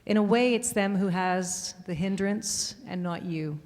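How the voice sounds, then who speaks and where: A woman's voice: mid-range voice, a little slow, darkish tone. A woman on a convention panel answering thoughtfully and earnestly, recorded in a reverberant hall. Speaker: voice actress on a panel.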